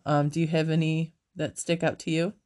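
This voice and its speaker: A woman's voice: sits low, moderate pace. A woman co-hosting a casual movie chat, swearing freely and laughing often as she recounts favorite scenes. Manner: profane, animated, laughs often.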